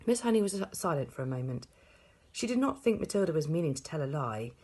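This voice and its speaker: A woman reading a children's novel aloud, steady and expressive. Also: sits low, quick pace, husky. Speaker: audiobook reader. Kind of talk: storybook read-aloud.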